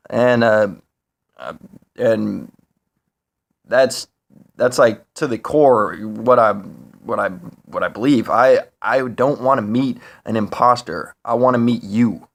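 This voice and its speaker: A male vlogger talks to camera in a casual, rambling monologue laced with profanity, fillers, and restarts. When he gets worked up, his voice climbs higher and grows louder.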